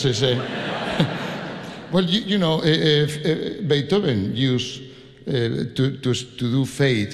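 A man's voice: medium pitch, moderate pace. A man from Spain with a Spanish accent, a conductor chatting informally to a concert audience, laughing and restarting his sentences. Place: large concert hall. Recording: long hall reverb from a stage.

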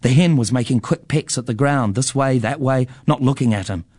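A man's voice: mid-range voice, moderate pace, darkish tone, no echo. Man narrating a storybook, dry close sound.

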